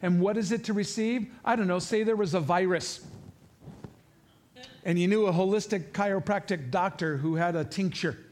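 A man preaching as a pastor in a church before a congregation, animated and conversational, joking and making asides to the people in the room. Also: sits high, normal speed. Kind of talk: sermon.

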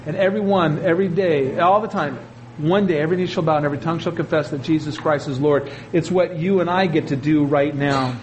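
A pastor preaching a sermon, animated, with his voice jumping up for emphasis and asides to the congregation. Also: on the high side, a little fast, muffled recording, slight background noise.

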